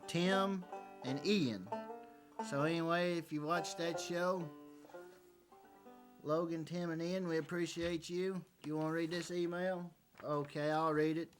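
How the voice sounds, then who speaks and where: A man's voice: on the high side, steady tone, a little slow. A man hosting a casual talk show, reading fan mail and telling joking stories in a folksy way. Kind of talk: casual comedic chat. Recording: faint banjo music behind.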